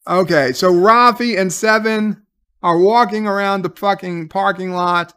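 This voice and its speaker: High-voiced man, profane casual recap. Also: unhurried, a bit bright, clean tone. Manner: profane, sarcastic paraphrasing of scenes. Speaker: TV episode reviewer. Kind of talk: casual spoken episode recap.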